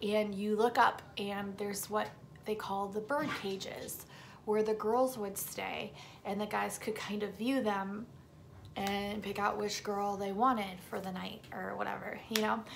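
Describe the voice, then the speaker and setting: A woman vlogger with a sore throat, telling a story to her viewers in an emphatic, casual way and sometimes dropping into a hushed whisper. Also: medium pitch, steady tone, unhurried, creaky, slight background noise.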